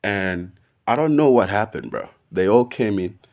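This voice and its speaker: A man, telling a story in a casual, slangy, animated way, saying "bro" all the time. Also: fairly low pitch, moderate pace, gravelly. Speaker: video podcast host.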